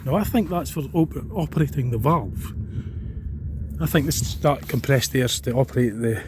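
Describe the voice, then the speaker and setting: A man's voice: medium pitch, lively intonation, moderate pace. A Scottish man vlogging outdoors by a reservoir on a cold day, rambling and thinking aloud with plenty of fillers. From Scotland. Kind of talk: casual walking vlog. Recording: outdoor camera audio with background noise.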